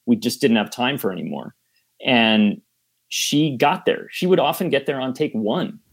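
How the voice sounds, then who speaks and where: A man's voice: mid-range voice, animated, normal speed, husky. Thoughtful male film director in conversation. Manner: thoughtful, explains at length with restarts. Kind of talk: casual interview chat.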